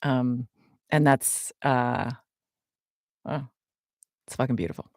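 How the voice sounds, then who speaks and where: Her voice is extremely low and darkish in tone, slow as she co-hosts a casual podcast and responds to fans' questions. The woman, in her forties, fills her chat with ums and small laughs, recorded in a clean studio with no echo.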